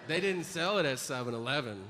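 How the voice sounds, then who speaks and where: Brief: male stand-up comic, lively up-and-down delivery, recorded in a reverberant hall with noise behind. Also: on the high side, fairly quick. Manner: animated storytelling, profane, many act-outs. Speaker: stand-up comedian. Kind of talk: stand-up comedy.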